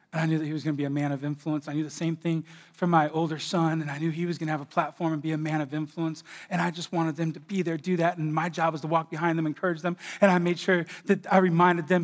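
A middle-aged man preaching a sermon as pastor, swinging between loud outbursts and quiet asides. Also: a little high.

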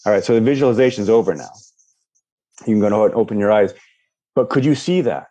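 A man's voice: lowish voice, fast talker, pauses often. A man coaching a guest, leading a visualization and acting out people's reactions as he explains. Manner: animated, acts out quoted reactions. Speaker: life coach. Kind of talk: guided visualization and coaching talk.

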